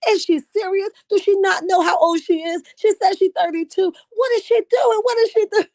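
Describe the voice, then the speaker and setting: A woman's voice: a little mellow, no room sound. A woman voicing a scandalized parent who shrieks shocked questions while shielding a child's eyes. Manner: shrill, aghast, rapid questions.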